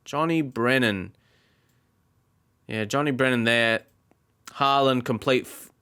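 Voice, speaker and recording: Male gamer, unhurried let's play commentary, exasperated, very lively pitch. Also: smooth. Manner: exasperated, talks to the game. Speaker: gaming YouTuber.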